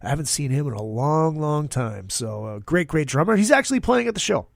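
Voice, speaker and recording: A man's voice: fairly high pitch, very animated, fairly quick, creaky, dry recording. A man hosting his own podcast, talking casually in an upbeat, rambling way with plenty of fillers. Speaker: podcast host. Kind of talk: casual solo podcast monologue.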